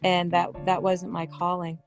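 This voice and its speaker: A woman from the New York area, with a New York accent, speaks at a moderate pace in a low voice with vocal fry and a completely flat delivery, faint music behind her. As a podcast guest in casual conversation, she's earnest and talkative, telling stories about growing up.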